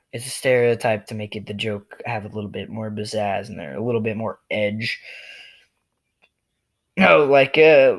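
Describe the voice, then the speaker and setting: A man's voice: fairly low pitch, gravelly. Guy ranting into his cam, jokey and all over the place, lotta ums. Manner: loose and jokey, lots of fillers. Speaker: vlogger. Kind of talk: rambling monologue rant.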